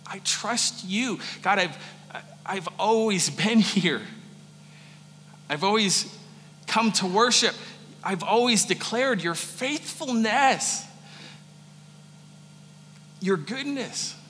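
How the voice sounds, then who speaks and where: A man acting out a grieving woman who pours out her hurt to God in broken, repeating pleas. The voice is sharp and bright. It echoes through a long reverberant hall over a faint hum. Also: high-pitched, expressive, pitched above the performer's own voice, full character voice. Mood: anguished pleading. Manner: pleading, halting, repeated appeals.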